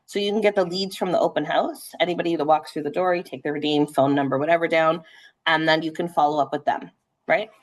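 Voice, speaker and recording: Fast-talking woman real estate trainer. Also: sits low, steady tone. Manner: conversational, frequent "right?" checks. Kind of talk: live sales training session.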